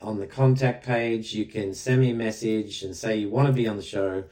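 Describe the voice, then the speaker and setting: A man's voice: lowish voice, steady tone, normal speed, dark tone. An Australian man hosting his own podcast, talking in a direct, plain-spoken and conversational way. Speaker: podcast host. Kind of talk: earnest spoken commentary.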